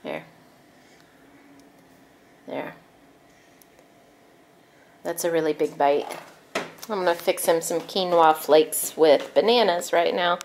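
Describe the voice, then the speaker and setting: A woman's voice: lowish voice, takes it slowly, pauses often, a little mellow, slight background noise. A young adult woman, a mother filming a casual home vlog, talking playfully in baby talk to her son and her cat. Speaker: vlogger and mother. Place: home, indoors.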